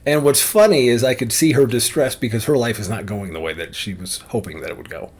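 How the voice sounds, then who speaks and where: A man's voice: medium pitch, a little fast, breathy edge. A man ranting casually and bluntly to camera, opinionated and rambling, with frequent restarts. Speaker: vlogger.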